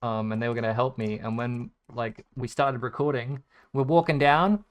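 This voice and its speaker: A man's voice: medium pitch, fairly even intonation, normal speed, clear, resonant tone. Rambling, swearing man in game commentary. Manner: rambling, profane, sarcastically self-deprecating. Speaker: gaming content creator. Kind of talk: casual gameplay commentary.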